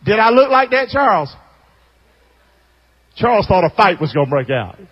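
A man preaching a sermon as a pastor, telling stories in an animated way that swings from loud to hushed. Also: high voice, moderate pace, slightly rough, dull audio. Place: church sanctuary. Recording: long hall reverb.

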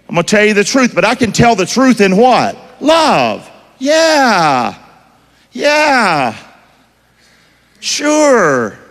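A man's voice: fairly high pitch, long reverb tail. A man preaching a sermon, quizzing the congregation for call-and-response in a folksy, emphatic way.

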